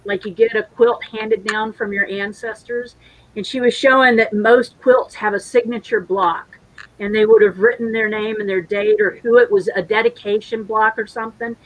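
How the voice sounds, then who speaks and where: A woman's voice: medium pitch, steady tone, normal speed, poor audio. A woman co-hosting a casual livestream, chatty and jokey, telling stories. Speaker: co-host.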